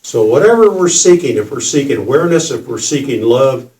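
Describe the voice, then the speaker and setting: A man's voice: medium pitch, brisk. An older man in his seventies telling a personal story at a spiritual gathering, laughing and putting on voices as he goes. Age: 70s. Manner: animated, laughing, mimics voices in his stories. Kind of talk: storytelling talk. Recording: roomy hall, distant mic.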